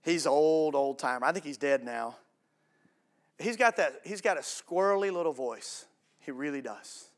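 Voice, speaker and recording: Preaching to a congregation, this male pastor moves from booming, emphatic statements to quiet, hushed lines and drops in casual asides to the room. He speaks at normal speed in an expressive, mid-range voice.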